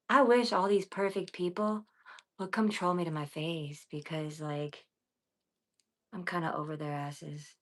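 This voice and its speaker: Blunt, profane woman ranting on a livestream. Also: low voice. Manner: blunt, profane, rambling, talks straight to chat; swings between quiet muttering and loud bursts. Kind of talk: casual livestream rant.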